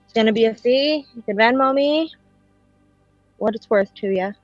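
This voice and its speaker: A woman in casual chat, joking with a deadpan, sarcastic manner. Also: on the high side, normal speed. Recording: dry muffled lo-fi with faint music.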